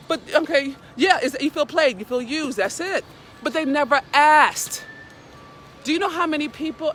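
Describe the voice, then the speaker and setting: A woman's voice: sits high, a bit bright, slight background noise. Blunt, profane woman preaching outdoors. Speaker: live video host. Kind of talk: casual live-stream talk. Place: outdoors in an urban area, walking a dog.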